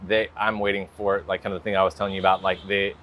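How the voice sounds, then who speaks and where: A man's voice: sits low, flat delivery, very fast, fairly bright tone. An American man in an interview, talking casually and rambling with lots of filler words. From United States. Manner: rambling, full of "like" and "you know" fillers. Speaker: guest artist.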